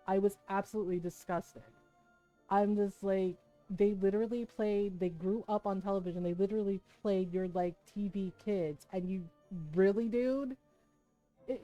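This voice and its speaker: A woman streamer chats casually with her live viewers, animated, swearing often and laughing a lot. Her voice is medium in pitch.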